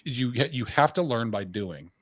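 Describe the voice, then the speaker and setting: A man hosting a podcast who talks casually and drives his point home with short, punchy asides. His pitch is in the middle range for a man. The recording is dry and close, with no echo. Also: expressive, unhurried. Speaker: podcast host.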